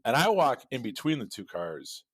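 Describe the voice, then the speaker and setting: A man's voice: mid-range voice, very animated, moderate pace, a bit bright, slightly rough, no echo. A man co-hosting a podcast, telling a rambling, profane story in casual chat with frequent laughs. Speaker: podcast co-host.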